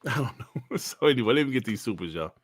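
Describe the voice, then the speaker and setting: A man's voice: medium pitch, expressive, quick pace, husky. A man hosting a casual gaming podcast, ranting bluntly with plenty of slang and swearing. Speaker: podcast host.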